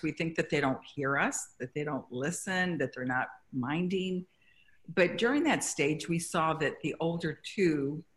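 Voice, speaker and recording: A middle-aged woman from Mexico, a guest in an interview, telling stories with halting restarts. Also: low voice. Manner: warm storytelling, grows emotional, halting restarts. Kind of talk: conversational interview.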